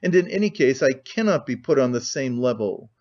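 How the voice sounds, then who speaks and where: A man's voice: medium pitch, animated, a little fast, darkish tone, lo-fi sound, natural voice. A man voicing a pompous, huffy middle-aged suitor who speaks sententiously. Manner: sententious, offended.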